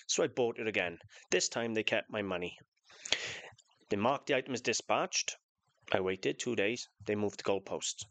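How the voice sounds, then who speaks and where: A man with a lowish voice tells a long complaint straight to camera. He talks casually and emphatically, circling back over the same points. The sound is close and dry, with no room around it. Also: a bit bright, no echo. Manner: aggrieved storytelling, repetitive and emphatic. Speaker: vlogger and antique dealer. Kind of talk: casual ranting vlog.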